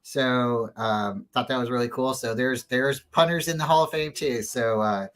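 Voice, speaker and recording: Male guest, mid-pitched, earnest and rambling, casual storyteller who restarts his sentences often. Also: normal speed, a bit bright, poor audio.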